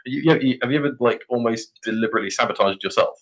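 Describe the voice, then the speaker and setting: A man's voice: medium pitch, fast, fairly bright tone, low-quality recording. A young British man telling a rambling story on a podcast, full of fillers and swearing. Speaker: podcast guest. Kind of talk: casual storytelling chat.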